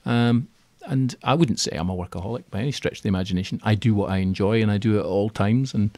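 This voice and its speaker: A man talking as a guest in a radio interview, chatty and animated, acting out little quotes as he goes. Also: on the low side, fast talker, no room sound. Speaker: radio guest, keynote speaker on property finance. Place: radio studio.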